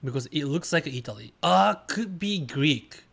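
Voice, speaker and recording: A male streamer chatting casually while playing a guessing game, speaking in halting, simple phrases with bursts of excited cheering. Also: on the high side, vocal fry.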